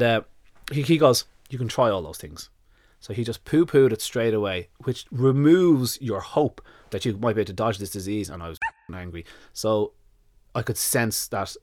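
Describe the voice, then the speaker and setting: A man with a fairly low voice, recorded dry, is a podcast guest billed as a dog nutrition expert. He tells a story packed with quoted back-and-forth, swearing casually and freely as he goes.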